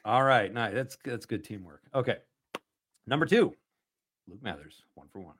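An upbeat man hosts a casual radio quiz. He reads questions out loud and keeps breaking in with quick, laughing asides. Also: mid-range voice, expressive, a little hiss or hum. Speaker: radio host running a quiz.

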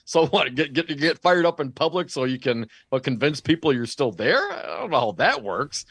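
A man's voice: on the high side, sing-song, normal speed, creaky, few pauses, fairly bright tone, slightly rough, no echo, clean studio sound. Wry joking man in casual chat. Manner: wry, joking, mock-acts quotes, restarts words. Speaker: podcast co-host.

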